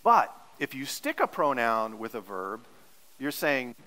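A man's voice: mid-range voice, very animated, measured pace, sharp tone, in a large hall, rough recording. A male pastor preaching a sermon in an earnest, teacherly way, leaning hard on repeated words for emphasis.

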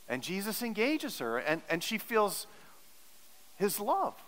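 A man's voice: on the high side, pushed and bright, big-room sound, rough recording. A male pastor preaching a sermon in an earnest, teacherly way, leaning hard on repeated words for emphasis.

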